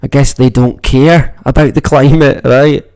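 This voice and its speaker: Hosting a laid-back livestream, a man with a northeast Scottish accent from Moray rambles and swears nonstop. His voice is medium in pitch and fairly even, with an unhurried pace, a darkish tone, and a dry recording.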